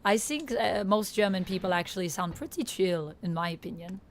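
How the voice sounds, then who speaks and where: A young woman with a Canadian accent chatting casually to her viewers while playing a game live, reading out chat and filling pauses with "uh" and "like". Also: medium pitch, slight background noise. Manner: chatty, reads chat aloud, frequent fillers. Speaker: streamer. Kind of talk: live-stream gameplay chat.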